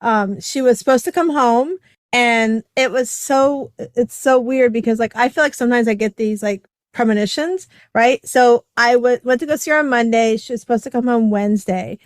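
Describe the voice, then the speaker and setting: A woman's voice: on the high side, normal speed, dry recording. A middle-aged woman hosting a podcast, telling a personal story in a chatty way with lots of fillers. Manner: chatty, many fillers, acts out quoted voices. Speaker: podcast host. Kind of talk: casual conversational storytelling.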